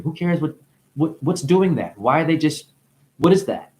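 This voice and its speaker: A man's voice: on the high side, lively intonation, normal speed, a little mellow. A man giving a rambling spiritual monologue, free-associating with wordplay, swearing often and breaking into laughter. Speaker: self-styled spiritual teacher.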